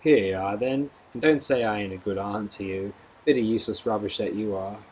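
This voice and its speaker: A man voicing a spiteful, coarse older woman who keeps a brothel, with a loud, mocking manner. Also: on the low side, fairly quick, a little hiss or hum, close to an everyday voice, low-quality recording. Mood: scornful.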